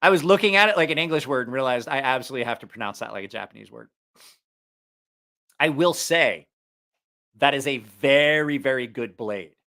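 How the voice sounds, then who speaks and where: On a casual livestream, a knife-reviewing channel host with a slight Southeast Ohio accent chats, rambles and keeps correcting himself. His mid-range voice is expressive and sharp, fairly quick with frequent pauses, captured on a studio mic while he wears headphones.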